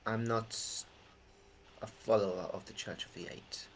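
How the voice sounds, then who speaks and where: A man's voice: lowish voice, steady tone, a little slow, fairly bright tone, slight background noise, poor audio. A man playing a grave young man, blunt. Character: young man confessing a dark secret, grave. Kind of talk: tabletop role-play voice acting.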